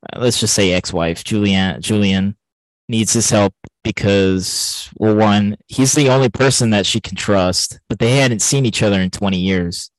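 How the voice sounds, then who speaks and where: A man with a fairly low voice talks through a film on a podcast he co-hosts. He rambles, restarts often and leans on fillers. The sound is dry and close, with no room around it. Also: no room sound, rough recording. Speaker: podcast co-host. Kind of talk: casual film discussion.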